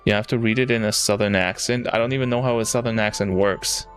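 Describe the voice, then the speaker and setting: A man's voice: lowish voice, steady tone, fast talker, fairly bright tone, soft background music. A man streaming a game live, making crude joking asides to his chat.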